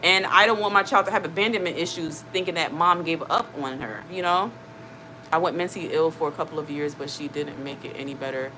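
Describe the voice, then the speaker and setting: A woman with a lowish voice talks earnestly to her channel viewers, looping back over her points with plenty of fillers. A faint rumble sits under the recording. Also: fairly quick, pushed and bright, poor audio. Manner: earnest, repetitive, conversational with many fillers. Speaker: channel host. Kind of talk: casual livestream chat.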